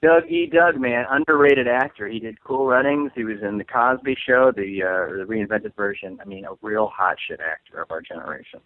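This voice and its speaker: Rambling comedian on a tinny phone-like line. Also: male voice, on the low side, moderate pace, few pauses, dry recording. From Saint Louis, USA. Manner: rambling, heavy on fillers, laughs often. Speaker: comedian guest. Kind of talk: casual comedic chat.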